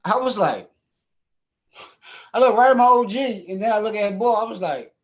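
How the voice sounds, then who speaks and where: A man co-hosting a podcast, telling a story in casual, profane, animated chat and laughing often. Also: sits high, moderate pace, dull audio. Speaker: podcast co-host.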